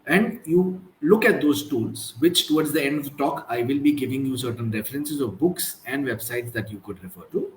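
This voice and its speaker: A man's voice: medium pitch, lively intonation. Indian guy running a live stream talk, chatty, echoey room with a bit of hiss. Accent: Indian English. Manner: chatty, mixes English with quick Hindi asides. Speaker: host of a live productivity talk. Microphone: live stream from computer. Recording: roomy echo, faint background noise.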